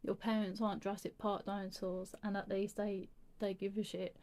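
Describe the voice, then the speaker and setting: A woman voicing an ill teenage boy in hospital, teasing and wry, flat and mellow in tone. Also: medium pitch, normal speed, lightly acted. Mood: bitter. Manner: teasing, then cold.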